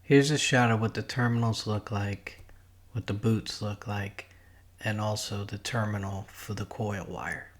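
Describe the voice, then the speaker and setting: A middle-aged man hosting a DIY car channel, calmly narrating a project step by step in a plain, matter-of-fact way. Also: lowish voice, unhurried.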